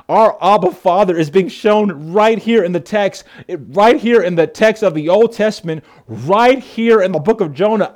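Male pastor with a higher-pitched voice, preaching with passion, moving between emphatic and hushed. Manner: impassioned, swinging from emphatic to hushed. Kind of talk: sermon.

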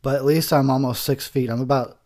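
A man's voice: mid-range voice, steady tone, brisk, a little mellow. A man giving a rambling, profane, tipsy commentary over a movie, laughing often.

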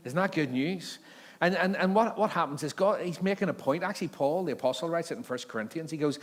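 A man's voice: on the high side, fast talker. A male pastor preaching at an evening church service, mixing scripture reading with jokey, conversational asides. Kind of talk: sermon with Bible reading. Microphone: handheld or stage mic with feedback. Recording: long hall reverb.

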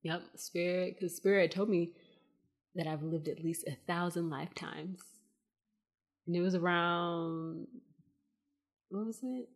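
A woman with a fairly low voice hosts a casual spiritual podcast. She talks in a soft, meandering way, full of fillers, and addresses her listeners as y'all. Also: vocal fry. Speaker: podcast host.

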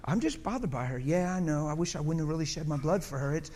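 A man playing the Lord as a petty gossip, grumbling about a churchgoer in a quiet, catty tone. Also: fairly high pitch, lively intonation, fast talker, voice pushed down, natural voice.

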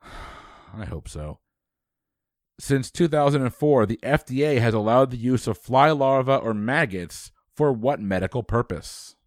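A man hosting a trivia quiz, reading questions briskly and dropping dry quips. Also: mid-range voice, no room sound.

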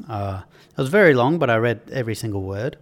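Australian male podcast host, mid-pitched, sardonic and emphatic, reads his own opinion piece with frequent restarts. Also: lively intonation, fast talker. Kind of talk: opinion monologue, reading from his own article.

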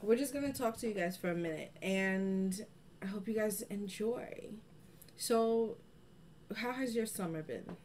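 A woman's voice: medium pitch, a little slow, a little hiss or hum. A woman co-hosting a podcast, chatting casually and animatedly. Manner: chatty, animated, laughs easily. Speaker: podcast co-host. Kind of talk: casual chat.

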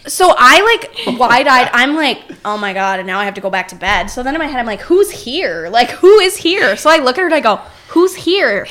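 A woman guest in a studio telling a story in a casual chat, animated and full of fillers. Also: on the high side, quick pace, hardly any pauses.

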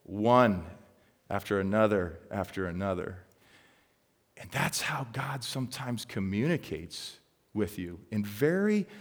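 A pastor preaching a sermon in a conversational, storytelling way, getting loud and animated as he acts out a story. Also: lowish voice, big-room sound. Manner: conversational storytelling, grows loud and excited when reenacting.

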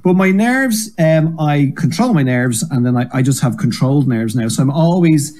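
An Irish man, a comedian and guest, telling energetic, rambling stories in a casual interview and swearing freely. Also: on the high side, moderate pace. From Ireland.

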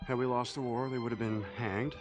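A man's voice: mid-range voice, fairly even intonation, a little fast, highs cut off, lightly acted. A man playing a bold treasure hunter raising a toast. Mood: relishing. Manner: relishing, theatrical toast. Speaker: actor in a film clip. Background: film music.

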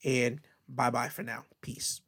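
A man's voice: mid-range voice, steady tone, slow, vocal fry, a bit bright, a little hiss or hum. A man hosting his own podcast, closing the episode in a rambling, upbeat way with many fillers. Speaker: podcast host. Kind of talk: solo podcast sign-off.

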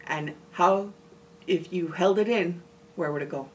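A woman's voice: on the low side, a little slow, recorded from a distance, slight background noise, low-quality recording. A woman co-hosting a podcast, talking earnestly and emphatically about her family and a past relationship. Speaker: podcast co-host. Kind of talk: candid personal conversation.

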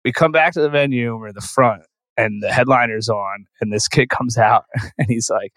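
A man's voice: medium pitch, moderate pace, fairly bright tone, dry recording, poor audio. A man guest on a podcast, telling tour stories in a rambling, profane way and saying "like" constantly. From Philadelphia. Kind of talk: casual storytelling.

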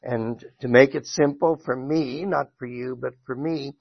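Teaching Sunday school in a church classroom, a man with a creaky mid-range voice speaks a little slowly and fairly evenly. His talk is conversational, full of fillers and restarts, and moves into a scripture reading and a prayer. There's no echo, and the audio is dull.

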